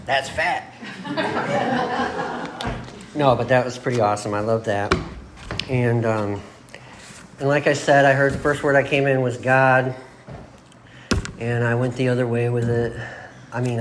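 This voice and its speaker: A middle-aged man from Michigan shares his recovery story at an AA meeting. His talk is loose and casual, and he laughs at himself as he goes. His pitch sits in the middle range, with a faint background noise in the recording. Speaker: AA meeting speaker. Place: meeting room.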